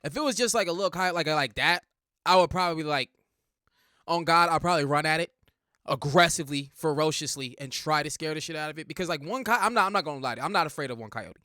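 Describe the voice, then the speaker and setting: Animated young man reacting, bright and dry. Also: a little high, fast, no echo. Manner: animated, slangy, laughs often. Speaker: reaction channel host. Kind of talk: casual reaction commentary.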